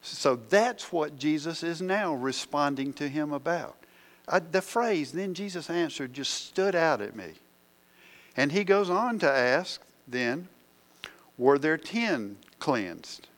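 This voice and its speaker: A man's voice: a little high, expressive, measured pace, a bit bright. A man preaching a sermon, asking the congregation questions as he works through the verses.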